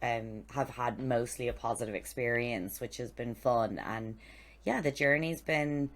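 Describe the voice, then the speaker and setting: A young adult woman co-hosting a podcast, telling lively stories, swearing freely and acting out what people said. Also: a bass voice, measured pace. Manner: animated storytelling, swearing, acting out quotes. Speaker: podcast co-host. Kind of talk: casual chat.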